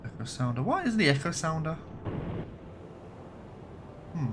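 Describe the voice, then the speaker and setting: A man from Birmingham, England, with a light Birmingham accent, chats casually over a live game stream and swears now and then. His voice is a little high and sing-song, and he takes his time. Background noise is present.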